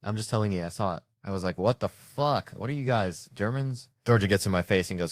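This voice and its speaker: A man's voice: lowish voice, brisk, few pauses, no room sound, clean studio sound. A middle-aged man telling crude parenting stories in a stand-up routine, acting out his kids' lines. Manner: brash, profane storytelling with acted-out quotes. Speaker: stand-up comedian.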